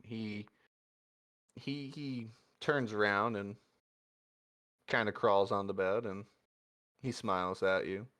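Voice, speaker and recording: A man narrating a tabletop role-playing game as game master, in a relaxed, halting way. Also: fairly low pitch, clean tone. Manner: relaxed, halting, full of restarts.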